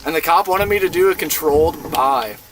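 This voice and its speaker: A fairly quick, higher-pitched male voice comes through background noise from inside a van. He's a gaming streamer in his twenties from Iowa, USA, chatting casually on stream and telling a rambling, profane story. His manner is laid-back, and he leans heavily on filler words.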